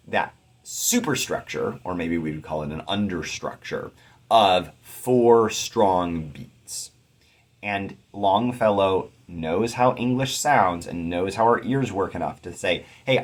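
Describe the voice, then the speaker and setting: Low, husky-voiced man teaching poetry. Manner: chants rhythms as da-da syllables while reading verse aloud; thoughtful, measured explanation with occasional fillers. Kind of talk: explanatory lecture.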